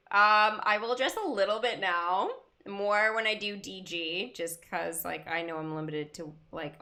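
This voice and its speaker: A woman's voice: mid-range voice, sharp tone. A young woman hosting a livestream, chatting casually with her viewers, giggling often and rambling between stories. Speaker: livestream host. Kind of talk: casual chat with live chat viewers.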